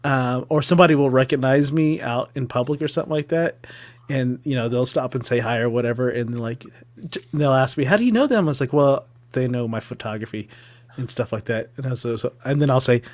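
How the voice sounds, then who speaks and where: A man's voice: mid-range voice, a little fast. A middle-aged man co-hosting a live web show, laughing often and chatting casually. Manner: laughs a lot, lively and chatty. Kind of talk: casual live-stream chat.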